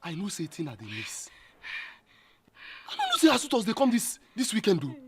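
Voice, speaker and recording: An actor with a Nigerian Pidgin accent playing an excitable, gossipy male household worker who exclaims loudly and mixes in Igbo. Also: high-pitched, brisk, noisy background, heavily acted. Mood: animated gossip. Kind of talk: film comedy acting. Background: film score music.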